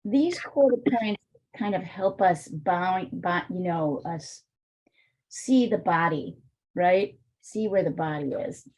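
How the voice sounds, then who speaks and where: A woman's voice: on the low side, takes it slowly, a little mellow. A woman art teacher with a weak, strained voice, chatting and thinking aloud while she demonstrates drawing in a live online class, with plenty of fillers.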